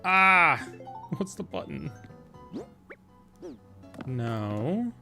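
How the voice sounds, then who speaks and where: A man's voice: mid-range voice, animated, moderate pace, a bit bright, soft background music. Chatty man streaming a game, thinking aloud. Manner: thinking aloud, chatty and playful, answering chat. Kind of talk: casual gameplay commentary.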